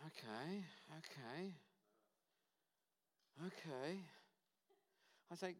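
A man's voice: high voice, expressive, normal speed, bright, forceful tone. A man preaching a sermon as a guest pastor, emphatic and fond of short repeated punchy phrases. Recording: reverberant church hall.

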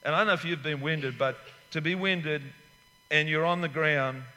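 A man's voice: on the high side, moderate pace, sharp tone, long reverb tail. A man in his sixties preaching a sermon as pastor, emphatic and rambling, with asides where he acts out little scenes.

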